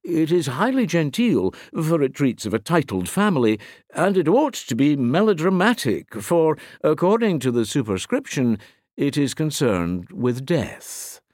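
A man voicing a talkative, courtly male lawyer who teases his friend with a mystery, speaking in a raised, lively voice. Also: a little high, measured pace, no room sound, studio quality, voice pushed up. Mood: genial.

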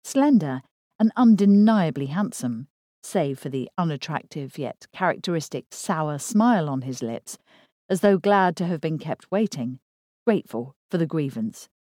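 A woman narrating a thriller novel in a steady, measured read. Her voice sits low and sounds mellow and warm, recorded close and dry with no room echo. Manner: measured, even storytelling. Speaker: audiobook narrator. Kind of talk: scripted narration.

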